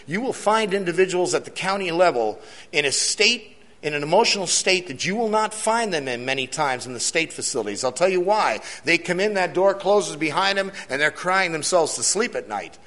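A man's voice: high voice, lively intonation, moderate pace, a bit bright. A man serving as a jail chaplain, giving an earnest testimony to a church committee and repeating key phrases for emphasis.

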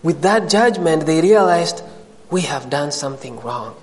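A man preaching a sermon with animated, rising emphasis, his voice sitting a little high for a man. He presses his points with direct questions to the congregation. The sound carries a long hall reverb. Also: measured pace.

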